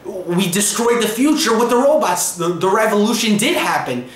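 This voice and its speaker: A panicky male terrorist, lost in time, stumbling over his words, as a man puts him on. The voice sits high and strained. It rings in an echoey room. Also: animated, moderate pace. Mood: panicked. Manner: panicked, stammering.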